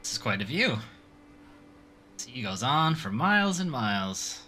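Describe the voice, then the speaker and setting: A man's voice: mid-range voice, sing-song, a little slow, bright, forceful tone, a little hiss or hum. A man voicing a spirited, stubborn young girl, reading game dialogue aloud in a raised voice. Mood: musing.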